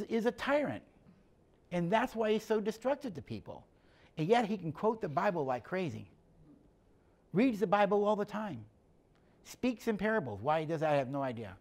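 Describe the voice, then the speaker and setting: A man's voice: high voice, darkish tone. A middle-aged man giving a conversational teaching talk, telling stories and acting out the dialogue in plain, direct speech. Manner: plainspoken storyteller, acts out dialogue. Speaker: speaker on emotional health and leadership.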